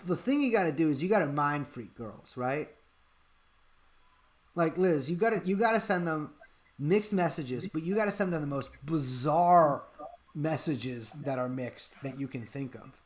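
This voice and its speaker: A man's voice: fairly high pitch, lively intonation, moderate pace. A man co-hosting a live-stream chat, rambling through an absurd bit of mock-serious advice. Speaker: podcast co-host.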